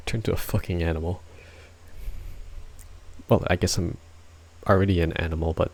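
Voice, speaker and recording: Male streamer, worn-out husky voice, breathy rambling chat, close mic. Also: low-pitched, animated, unhurried, pauses often, a little mellow. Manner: breathy, laughs often, rambling with restarts. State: hoarse, worn-out voice. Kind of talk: casual live-stream chat to viewers. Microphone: close ASMR microphone.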